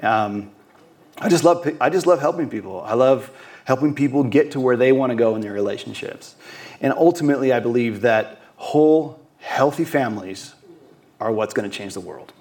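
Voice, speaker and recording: In a mid-range, darkish voice at a moderate pace, a man gives an earnest sermon as a guest preacher. Words get repeated and restarted often, and he occasionally slips into short acted-out quotations.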